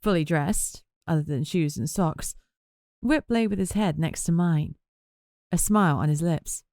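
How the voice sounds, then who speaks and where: A woman's voice: deep voice, measured pace, darkish tone, no room sound, clean studio sound. A woman narrating a first-person novel in a wry, conversational way. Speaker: audiobook narrator.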